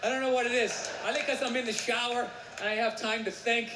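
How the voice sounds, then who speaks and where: A man's voice: very high-pitched, level tone, fast. Ranting profane male stand-up, echoey venue. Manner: ranting, profane, bursts into shouting. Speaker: stand-up comedian. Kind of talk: stand-up routine. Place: theater stage. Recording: roomy live venue with audience noise.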